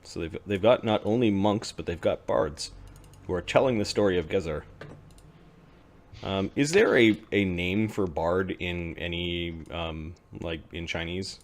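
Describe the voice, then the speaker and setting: A man narrating a tabletop game as game master in a halting, casual way. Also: deep voice.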